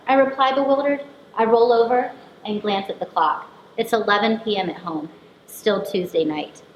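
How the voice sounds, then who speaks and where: A woman from the United States, performing an autobiographical piece in measured, introspective narration. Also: mid-range voice. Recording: echoey room recording, faint hiss.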